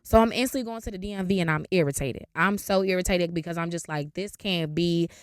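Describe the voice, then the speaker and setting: A woman, hosting a podcast and telling a story in a casual, animated way. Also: on the low side, fast, dry recording, studio quality. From Raleigh, North Carolina. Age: 20s. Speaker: podcast host. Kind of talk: casual story time monologue.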